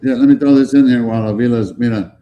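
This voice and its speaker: A man hosting a casual live stream, talking in animated, profane banter with bits of Spanish slang. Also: mid-range voice, quick pace, muffled recording.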